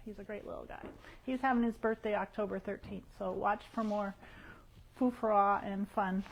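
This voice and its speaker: A woman's voice: mid-range voice, fairly even intonation, moderate pace, creaky, slight background noise, poor audio. A woman who owns a yarn shop, chatting casually through the week's events on a shop livestream. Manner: chatty, rambling, warm with regulars.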